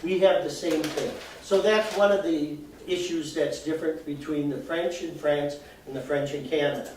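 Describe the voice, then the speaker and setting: In an indoor arts center event room, a presenter with a fairly high, darkish voice gives a live, chatty talk at normal speed with fairly even intonation. He uses everyday examples, laughs at himself now and then, and sounds far from the mic in a very echoey hall over a faint background noise.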